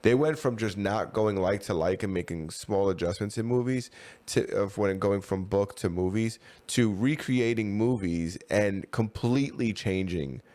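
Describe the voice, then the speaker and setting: A podcast co-host with a lowish, slightly mellow voice chats casually. He rambles in a loose way, leaning heavily on slang and fillers.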